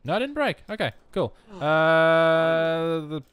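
A man's voice: on the high side, expressive, slow pace, a bit bright, clear, resonant tone. A young man giving wry, self-mocking commentary while playing a life-simulation game. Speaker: let's play host. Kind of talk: casual gameplay commentary.

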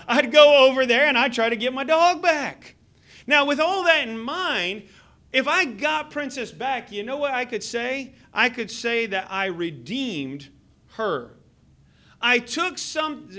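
A pastor in his thirties preaches to his congregation, his voice sitting very high for a man with a bright, forceful edge. He speaks into a handheld microphone in a church sanctuary. His delivery is earnest and halting, with frequent fillers and restarts. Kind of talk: sermon.

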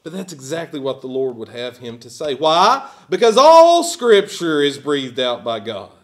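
Man preaching with lively pitch. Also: normal speed. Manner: emphatic, rising and falling preaching with bursts of volume. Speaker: pastor. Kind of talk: sermon. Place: church sanctuary.

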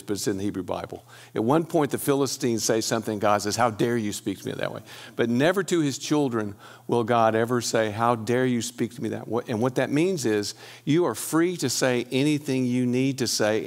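Middle-aged guy teaching at church, gravelly, loose and chatty, lots of ums. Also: medium pitch. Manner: conversational, pauses with fillers and restarts.

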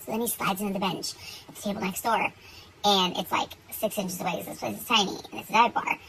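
A young woman telling a story in casual, animated chat, swearing freely and getting worked up. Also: medium pitch, fast, vocal fry, a little hiss or hum, rough recording. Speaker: beauty vlogger.

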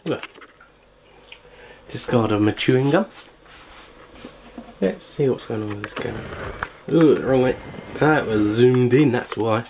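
Brief: man, mid-pitched, chatty cooking vlog host, casual, filler-heavy. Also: measured pace, long pauses, a little mellow, slight background noise. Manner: chatty, filler-heavy, eating while talking.

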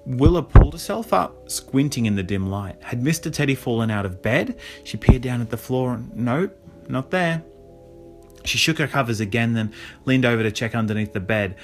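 A man reading a spooky children's story aloud as narrator, expressive with dramatic pauses. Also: medium pitch. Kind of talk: audiobook reading.

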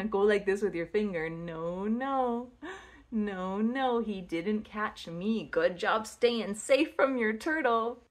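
A woman teaching toddlers first sentences, with playful, exaggerated, drawn-out words in a slow sing-song. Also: fairly high pitch, expressive.

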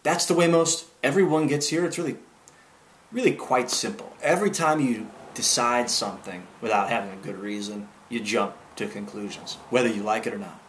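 A man reading aloud, voicing a bewildered, excitable man who swings between extremes. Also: medium pitch, moderate pace, slight background noise, lightly acted. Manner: exclaiming, swings between loud and soft. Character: befuddled man of extremes, shifting wildly. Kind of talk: audiobook character voice.

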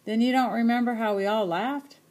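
A woman's voice: on the high side, steady tone, fairly quick, a little mellow, voice pushed up, lightly acted. An elderly grandmother, as a woman reads her. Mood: insistent. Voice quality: plain rural dialect speech. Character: elderly Southern grandmother, proud and stubborn.

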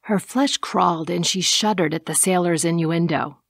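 Woman, audiobook narration, measured reading, gravelly, lowish, dry close recording. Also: dry recording.

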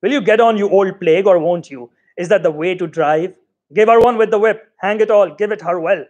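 A man voicing an irritable male hunchback reveler with a cracked voice, loud and bossy. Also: high voice, moderate pace, natural voice. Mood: bossy, abusive. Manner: bossy, shouting, abusive.

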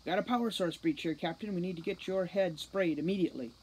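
A woman voicing a brisk male fairy retrieval officer who speaks with urgency. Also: on the low side, a little mellow, breathy edge, rough recording. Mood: urgent.

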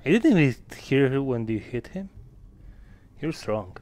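A man giving casual gameplay commentary, excitable, swearing and laughing often with sudden loud outbursts. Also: medium pitch, measured pace. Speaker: gamer.

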